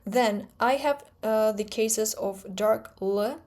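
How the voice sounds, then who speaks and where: A woman with a fairly high voice and a Russian accent teaches her own pronunciation method. She talks fast and precisely and stresses the sounds she uses as examples. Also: darkish tone. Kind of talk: explanatory talk to camera.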